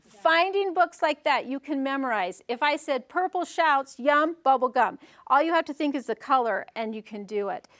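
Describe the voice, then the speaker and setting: High-voiced woman teaching a parents' workshop. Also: moderate pace, few pauses. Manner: sing-song, animated reading with playful voices. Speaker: workshop presenter. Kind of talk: teaching workshop with rhyme reading.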